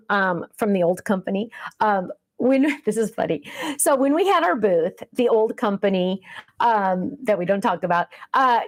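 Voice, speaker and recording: A woman in her fifties hosting a casual craft livestream chat, rambling and easily sidetracked, with many ums. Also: a little high.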